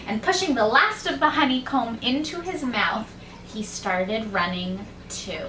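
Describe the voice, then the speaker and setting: A woman reads a children's story aloud as a teacher, in a slow, gentle storytelling manner. Her voice is bright and a little high. She sounds far from the mic, in a roomy, echoing space with faint background ambience. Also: animated, a little hiss or hum.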